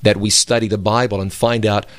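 A man's voice: on the low side, level tone, fairly quick, no echo. A man co-hosting a radio Bible program, preaching emphatically and quoting scripture.

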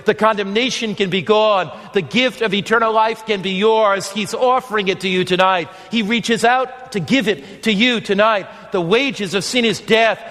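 Brief: male pastor, fervent repetitive sermon delivery, high voice, long hall echo. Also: normal speed, hardly any pauses, fairly bright tone. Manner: earnest, emphatic, repeats phrases. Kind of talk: evangelistic sermon.

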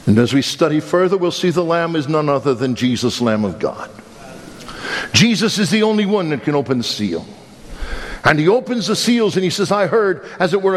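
Preacher, male, a bit high-pitched, lively storyteller, long hall reverb. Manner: animated storyteller, repeats words, quotes scripture. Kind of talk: sermon with a told joke.

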